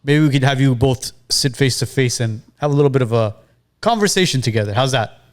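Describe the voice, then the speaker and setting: A man's voice: mid-range voice, a little fast. Chatty male podcast host. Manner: chatty, direct address to listeners. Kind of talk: casual podcast conversation.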